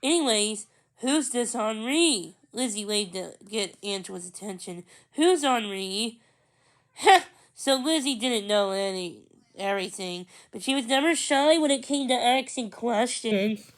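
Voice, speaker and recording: A woman reading a children's book aloud, narrating slowly, carefully and expressively. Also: medium pitch, rough recording. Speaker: storybook reader.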